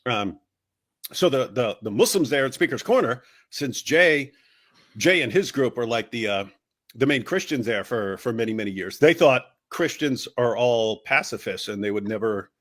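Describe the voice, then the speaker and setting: A man co-hosting a casual chat, telling a story with teasing humor and swinging into mocking voices for the people he quotes. His voice sits at a middling pitch. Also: expressive, normal speed, a bit bright. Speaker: co-host.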